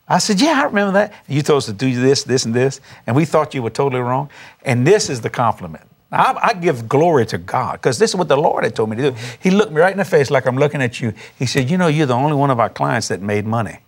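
A man, a pastor telling a testimony story with animated, laughing preacher emphasis. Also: mid-range voice, fast. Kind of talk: storytelling testimony on a talk show.

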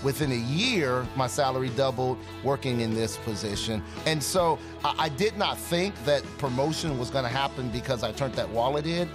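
A man sharing a personal testimony in an earnest, animated way, acting out the dialogue he quotes. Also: mid-range voice, moderate pace, few pauses. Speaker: ministry partner giving a testimony. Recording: guitar music playing underneath. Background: soft guitar music.

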